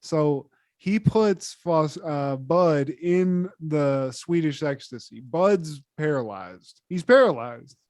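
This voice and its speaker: A man co-hosting a podcast, retelling a sitcom episode in a profane, animated, casual way. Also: slow pace, few pauses, dry recording, clean studio sound. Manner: profane, animated retelling, trails off low when addressing his co-host. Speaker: podcast co-host.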